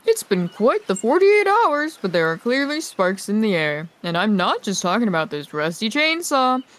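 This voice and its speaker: A woman voicing a flirty, rugged male love interest from a dating game, reading his lines in a slow, raised, theatrical way. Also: mid-range voice, big pitch swings, voice pushed up, natural voice.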